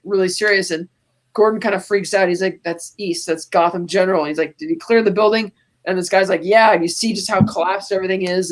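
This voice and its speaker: A podcast co-host casually recapping a movie scene by scene, quoting its lines along the way and laughing often. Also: medium pitch. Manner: animated retelling, quoting movie lines in passing.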